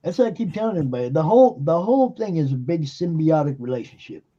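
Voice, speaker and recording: A man's voice: fairly high pitch, big pitch swings, fast talker, mellow, lo-fi sound. A man hosting a live stream, talking casually and emphatically with lots of fillers and swearing. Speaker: streamer and show host. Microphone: computer mic on a live stream.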